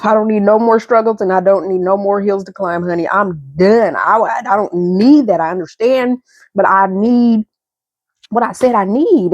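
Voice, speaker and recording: Young woman vlogger, medium-pitched voice, emotional and rambling, dry close sound. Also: no echo. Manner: rambling, emotional, repeats and restarts words; swings between high excited and low subdued tones. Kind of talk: candid storytelling monologue.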